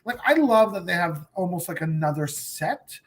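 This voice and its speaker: A woman's voice: fairly low pitch, animated, moderate pace, husky. A woman co-hosting a casual fan recap chat, enthusiastic and often repeating words as she starts a thought. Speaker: podcast co-host.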